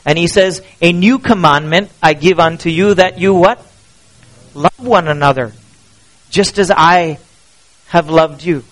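High-voiced male pastor preaching. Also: a little slow, pauses often, rough recording. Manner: animated, asks the congregation questions. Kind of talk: sermon.

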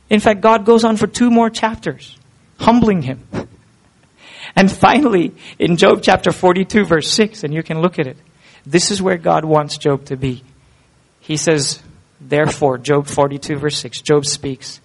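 High-voiced man preaching earnestly. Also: normal speed. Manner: earnest, conversational preaching with rhetorical questions. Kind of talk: sermon.

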